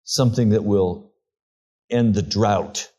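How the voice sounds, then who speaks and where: A pastor preaching a sermon, reading scripture and retelling it in a slow, earnest storytelling way. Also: male voice, on the low side, dark tone, slightly rough.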